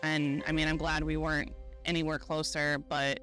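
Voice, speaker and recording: A woman in a documentary interview, recounting what she lived through in a measured, halting way, pausing often on fillers. Her voice is bright and keeps a narrow, even pitch. Soft music plays faintly underneath. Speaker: shooting survivor recounting events.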